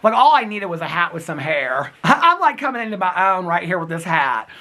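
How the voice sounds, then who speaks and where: A man's voice: high-pitched, very animated, brisk, bright, forceful tone. A man in his fifties vlogging outdoors in the cold, chatty and giggly, calling his viewers girl and honey. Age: 50s. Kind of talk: casual daily vlog to camera. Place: outdoors in cold snowy weather.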